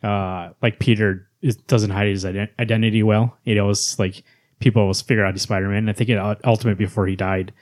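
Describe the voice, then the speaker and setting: A man talking at a rapid clip in relaxed podcast banter. His voice sits low, and he swears casually as he piles up his points. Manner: fast, animated, swears casually. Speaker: podcast co-host. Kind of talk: casual chat.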